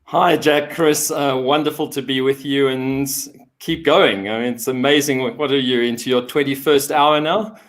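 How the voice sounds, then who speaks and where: A man's voice: medium pitch, fairly even intonation, normal speed. A man from Africa, a guest speaking enthusiastically and politely. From South Africa. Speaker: guest fan. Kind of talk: casual interview chat.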